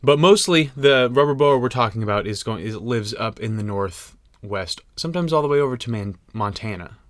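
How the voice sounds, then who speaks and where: A man's voice: mid-range voice, expressive, normal speed, no room sound, studio quality. A young man co-hosting a podcast in casual chat, joking and rambling with frequent laughs. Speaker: podcast co-host.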